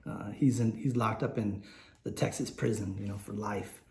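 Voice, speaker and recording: A man's voice: fairly low pitch, fairly even intonation, normal speed, gravelly, darkish tone. Candid middle-aged man, echoey room. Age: late 40s. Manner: rambling, candid, many fillers and restarts. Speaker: vlogger telling a personal story. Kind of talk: unscripted personal storytelling. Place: indoors, warm room.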